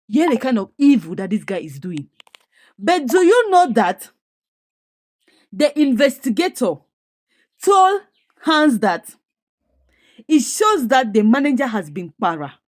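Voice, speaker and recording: A woman's voice: fairly high pitch, sing-song, a little slow, pauses often, dry recording, studio quality. A woman with a Nigerian accent retelling a comedy series episode in a chatty style, asking her listeners questions and adding moral asides. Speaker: movie recap narrator. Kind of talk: casual storytelling recap.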